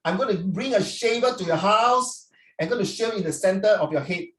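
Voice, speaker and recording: A man's voice: high-pitched, expressive, fairly quick. A middle-aged man, teaching an online class in a playful, teasing way. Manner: playful, teasing, peppers questions with "ah". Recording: roomy sound, distant mic.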